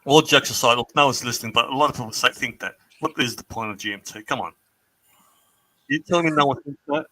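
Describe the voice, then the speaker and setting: A man's voice: mid-range voice, quick pace, few pauses, sharp tone. A man teasing and joking in a casual group chat on a show. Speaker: show regular.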